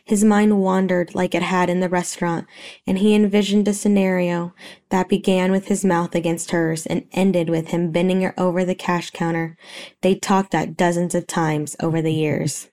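A woman narrating a romance story in a steady, even reading voice. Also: fairly low pitch, moderate pace.

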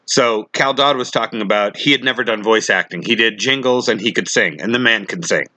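A man hosting a podcast interview, telling stories in an animated, rambling way. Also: fairly low pitch, a little fast, no echo. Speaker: podcast host. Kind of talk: casual interview chat.

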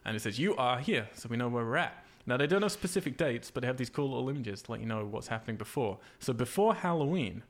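A man's voice: mid-range voice, expressive, fast talker, few pauses. A man co-hosting a podcast, chatting loosely with many fillers and easy laughs. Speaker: podcast co-host. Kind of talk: casual chat.

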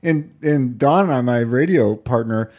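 A man's voice: medium pitch, moderate pace. A middle-aged man co-hosting a chat show, telling stories and acting out what others said. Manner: animated storyteller, acts out quotes. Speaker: podcast co-host. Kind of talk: casual chat.

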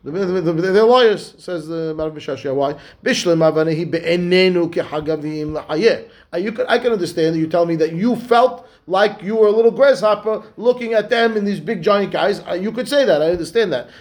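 A man, a rabbi, teaching a Talmud class, reading the text slowly and then explaining it in lively, halting English. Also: high-pitched.

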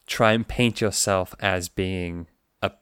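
A man co-hosting a podcast, bantering casually, animated and swearing freely. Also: deep voice, slow pace, smooth, no echo, studio quality. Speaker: podcast co-host.

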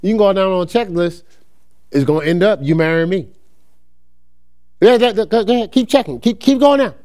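A male pastor delivering a sermon in a loose, conversational way. His voice sits high and leaps around with expressive swings. He slips into quick acted-out exchanges and laughs along with his own points. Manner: animated, conversational, acts out quick dialogues, laughs often. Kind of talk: lively preaching sermon.

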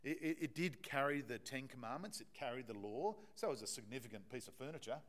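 A man delivers a sermon in a relaxed, conversational manner, on emphasis and repeating himself as he works through the text. His voice sits in an ordinary middle register, and his delivery is full of small restarts and fillers. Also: mid-range voice, fast. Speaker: preacher.

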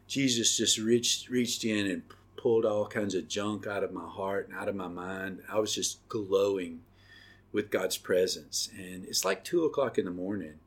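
Telling his own testimony on his podcast, this middle-aged host speaks with a fairly low pitch and a breathy edge. His delivery is sincere but hesitant, marked by frequent pauses and fillers.

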